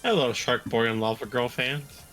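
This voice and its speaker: A woman's voice: extremely low pitch, moderate pace, a bit bright, soft background music. A woman joining a game stream as a guest, jokey and bubbly. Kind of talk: casual stream chat.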